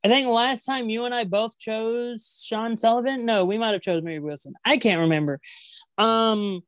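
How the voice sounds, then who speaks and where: A slightly high-pitched woman speaks at a normal pace on a dry recording. Co-hosting a relaxed podcast, she wanders through her match predictions, sociable and playfully out to win.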